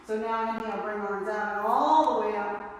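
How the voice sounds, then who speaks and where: A woman's voice: medium pitch, normal speed. A woman teaching a yoga class, giving playful, encouraging cues paced with the breath. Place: yoga studio. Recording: roomy studio echo with light noise.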